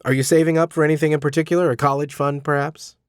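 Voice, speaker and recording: A man's voice: on the high side, flat delivery, quick pace, smooth, no echo, studio quality, natural voice. A man voicing an affable older businessman who asks probing questions in a genial way, in an audiobook. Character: affable wealthy older businessman, Yale graduate.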